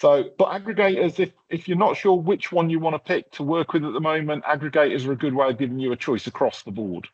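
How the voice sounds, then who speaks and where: A man's voice: a little high, fast talker, few pauses, slightly rough. A man presenting a hands-on workshop, talking casually through a live tech demo with lots of fillers and restarts. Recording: slightly dull lo-fi sound.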